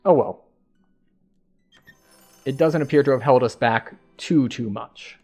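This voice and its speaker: A man's voice: mid-range voice, slow, warm tone, soft background music. A man streaming a game, casually thinking aloud as he plays. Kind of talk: casual gameplay commentary.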